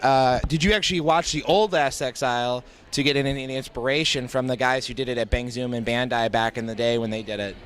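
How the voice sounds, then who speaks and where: A man interviewing a guest at a convention, asking questions in a casual, slightly halting way. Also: mid-range voice, fairly even intonation, fairly bright tone, slight background noise.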